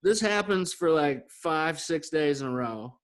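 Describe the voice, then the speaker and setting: Here a man with a fairly high pitch speaks a bit slowly on a podcast he co-hosts. In a casual exchange he relates his own story, playing out the quoted lines of its characters with animation.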